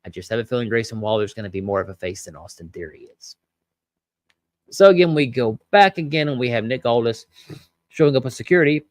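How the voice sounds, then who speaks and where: A man in a medium-pitched voice talks through a wrestling recap in a loose, chatty way, full of fillers and asides. He reads out viewer comments as he goes. The sound is dry and close, with no room around it. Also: animated, fast, no echo. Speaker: podcast host reviewing wrestling.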